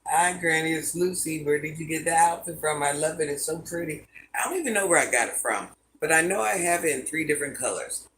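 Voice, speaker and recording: Talking a little fast with lively intonation, a woman in her fifties goes through her livestream viewers' comments from home, reading each aloud and answering in an easygoing way. Her low voice is fairly bright, with a little hiss or hum on the recording.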